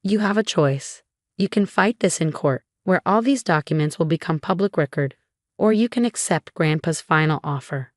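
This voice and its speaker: A woman narrating a first-person family drama story, reading every character's lines in the same steady storytelling voice. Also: low voice, moderate pace, dry recording, studio quality.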